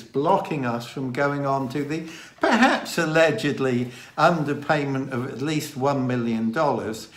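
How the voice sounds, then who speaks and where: A man with a mild Dorset accent, co-hosting a casual chat in a measured, deliberate way. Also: medium pitch. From England. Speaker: co-host. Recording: roomy echo.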